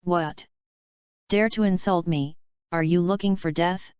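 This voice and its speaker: A woman's voice: lowish voice, fairly even intonation, measured pace, darkish tone, clear, resonant tone, no room sound, lo-fi sound, lightly acted. A woman reading the lines of a hot-tempered male pirate captain who blusters angrily. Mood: angry. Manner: angry, blustering.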